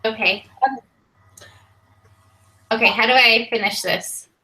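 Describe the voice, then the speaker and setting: A woman's voice: on the high side, steady tone, takes it slowly, sharp tone, low-quality recording. A tired woman in a casual study group, drafting text aloud and asking the others for input. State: mentally tired. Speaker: study group member writing the summary.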